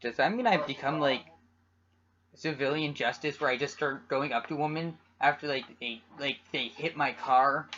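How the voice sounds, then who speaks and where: A man co-hosting a podcast, chatting casually with teasing, deadpan absurd jokes. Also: medium pitch, normal speed. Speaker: podcast co-host. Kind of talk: casual joking chat. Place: home room at a computer. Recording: dull lo-fi home computer mic.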